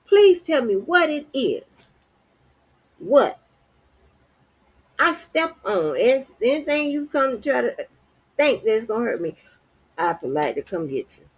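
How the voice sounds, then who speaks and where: Woman, husky and lively, profane confrontational stream rant. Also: fairly high pitch, rough recording. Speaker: livestream host. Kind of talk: angry unscripted rant.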